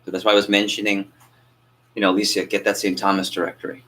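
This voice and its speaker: Energetic male sales trainer, low voice. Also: quick pace, a little hiss or hum, poor audio. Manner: energetic, asks the group questions and acts out phone calls. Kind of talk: coaching a training class.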